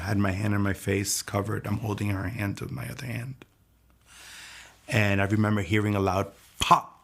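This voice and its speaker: A young man speaks in a low voice with a gravelly edge, giving a personal testimony. He talks earnestly and haltingly, slipping into the present tense as he relives each moment.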